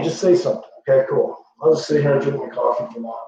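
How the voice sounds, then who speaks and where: A man's voice: mid-range voice, quick pace, vocal fry, hardly any pauses, mellow. A man rambling in a boastful, profane, meandering casual monologue as a livestream host. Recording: echoey lo-fi room from far off with faint hum.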